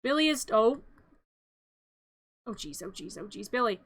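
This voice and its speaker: Bright, high-voiced playful woman streamer. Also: big pitch swings, unhurried, husky, no echo. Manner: playful, rambling, self-interrupting asides. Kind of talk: comic live-stream retelling of a film.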